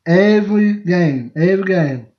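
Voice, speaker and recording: A man with a high, animated voice speaks unhurriedly while hosting a podcast on a casual live stream. He rambles through family stories, laughing and restarting mid-sentence, and the recording sounds lo-fi and dull.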